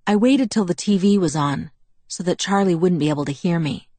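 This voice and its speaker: A woman reading a novel aloud as narrator, in a steady, even storytelling manner. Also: on the low side, brisk, no echo. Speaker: audiobook narrator. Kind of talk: scripted narration.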